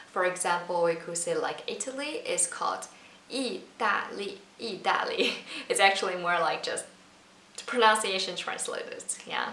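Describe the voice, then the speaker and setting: A woman's voice: lowish voice, bright, forceful tone. Woman teaching Mandarin. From China. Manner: patient, repeats words slowly for learners. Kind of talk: casual online lesson. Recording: roomy, slightly distant mic with faint noise.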